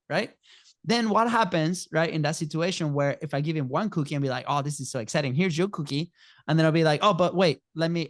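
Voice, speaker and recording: A man's voice: a little high, no room sound, studio quality. A man in his thirties, a podcast guest, talking casually and acting out little scenes in quoted voices, often checking in with "right?". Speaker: podcast guest, agency co-founder. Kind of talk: casual storytelling interview.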